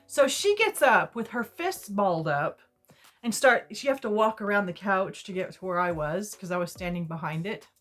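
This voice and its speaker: A woman's voice: mid-range voice, lively intonation, moderate pace, fairly bright tone, faint music behind. A woman vlogger retelling a personal story in a rambling, chatty way with asides. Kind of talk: casual storytime.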